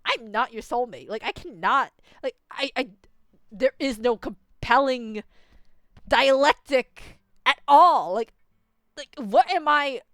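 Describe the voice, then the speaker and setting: Pitched on the high side with a fairly bright tone, this young streamer's voice is expressive and a little slow, recorded dry. She rants casually about the story game she's playing, exasperated and leaning on fillers, especially "like."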